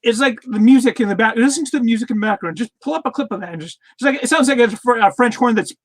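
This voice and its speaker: A man's voice: very high voice, fast talker. Hesitant male podcast co-host. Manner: hesitant, full of false starts and "uh". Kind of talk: casual chat.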